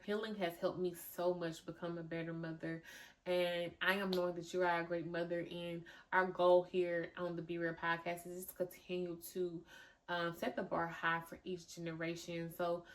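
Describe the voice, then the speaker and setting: A woman hosting a podcast in a casual, frank monologue, repeating phrases for emphasis and at times praying aloud. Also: fairly low pitch. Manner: prays aloud in a softer voice. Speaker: podcast host.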